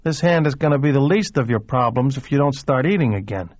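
A man reading a cool, brisk, matter-of-fact former doctor with a clinical manner. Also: medium pitch, lively intonation, darkish tone, dry recording, highs cut off, close to an everyday voice. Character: cold, clinical older male ex-doctor.

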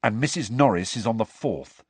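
A man voicing a quiet, determined teenage boy wizard in an audiobook reading, low and terse. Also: animated, normal speed, breathy edge, no echo.

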